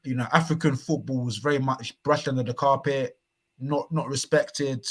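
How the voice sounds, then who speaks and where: A man's voice: mid-range voice, steady tone, moderate pace. A man co-hosting a football podcast, speaking reflectively, often restarting his words as he tells a story. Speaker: podcast co-host. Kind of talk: casual football chat.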